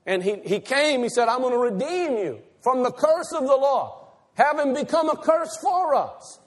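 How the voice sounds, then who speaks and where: A man preaching a sermon, emphatic, asking the congregation questions and repeating key lines slowly for weight. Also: very high voice.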